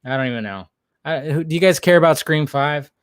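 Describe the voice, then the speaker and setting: A man's voice: on the high side, brisk, clear, resonant tone, no room sound, studio quality. A young man hosting a casual livestream, reading chat and rambling, jokey and full of swearing.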